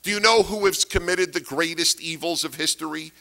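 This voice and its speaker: A man's voice: a little high, brisk, vocal fry, sharp tone. A man giving a political lecture to an audience, emphatic, repeating key phrases and asking rhetorical questions. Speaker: speaker giving a talk.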